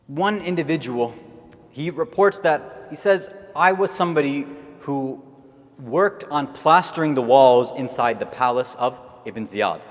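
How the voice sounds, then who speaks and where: A man speaking at an Islamic centre delivers a sermon that rises into an impassioned, mournful, tearful retelling. His mid-range voice is unhurried with lively intonation, and a long hall reverb surrounds it.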